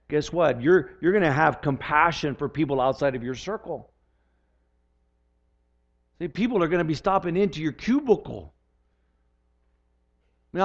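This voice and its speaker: An older man preaching a sermon as pastor, earnest and often repeating words as he restarts his sentences. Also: on the high side. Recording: dull lo-fi recording.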